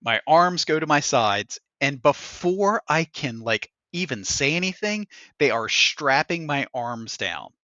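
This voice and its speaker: A man hosting a podcast in casual chat, telling an animated story and acting out what other people said, with laughs along the way. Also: a little high, measured pace, no echo, highs cut off. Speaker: podcast host.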